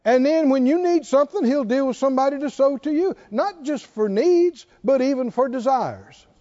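A man's voice: very high voice, animated, moderate pace, mellow, highs cut off. A man preaching a sermon, emphatic and driving his points home with repeated rhetorical questions.

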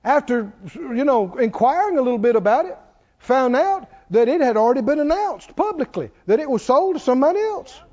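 Preacher, male, high lively voice, call-and-response style, dull lo-fi sound. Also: brisk. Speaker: pastor. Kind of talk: sermon.

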